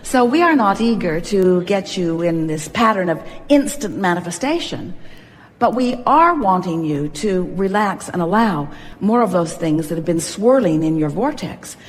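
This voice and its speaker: A woman's voice: lowish voice, lively intonation, moderate pace. A woman giving an inspirational seminar talk, emphatic and playful, speaking as a collective "we". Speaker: spiritual speaker. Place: seminar hall. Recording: long hall reverb.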